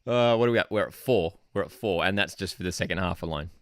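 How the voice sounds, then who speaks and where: A young Australian man hosting a live football watchalong, excitable and prone to saying "dude", swinging between shouting and muttering. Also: low-pitched, a little fast, smooth, no room sound, clean studio sound. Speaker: football channel host. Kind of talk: live match watchalong commentary.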